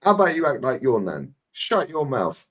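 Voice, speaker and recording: A man's voice: mid-range voice, very animated, normal speed, a bit bright. A man with a London accent, telling stories and ranting bluntly in a casual podcast chat, full of swearing. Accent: London English. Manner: blunt, swearing, storytelling with acted quotes.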